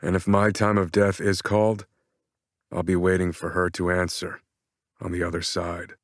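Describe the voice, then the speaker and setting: A man narrating a romance audiobook in the first person, steady and earnest, into a studio microphone. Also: sits low, moderate pace, no echo.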